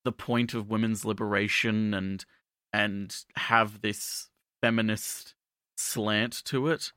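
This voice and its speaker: A man's voice: lowish voice, fairly even intonation, takes it slowly, pushed and bright, clear, resonant tone, no room sound, clean studio sound. A man co-hosting a casual podcast, talking in a hesitant, wry way with lots of ums and uhs. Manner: hesitant, filler-heavy, wry. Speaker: podcast co-host.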